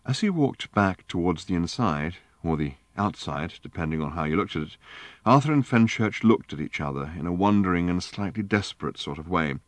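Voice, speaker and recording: A man narrating an audiobook in a measured, dryly wry storytelling manner. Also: low voice, animated, no room sound. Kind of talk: scripted narration.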